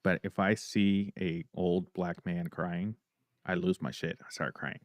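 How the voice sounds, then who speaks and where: A man's voice: low-pitched, flat delivery, measured pace, dry recording. A man co-hosting a podcast, telling stories in a playful, teasing way. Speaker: podcast co-host. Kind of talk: casual podcast chat.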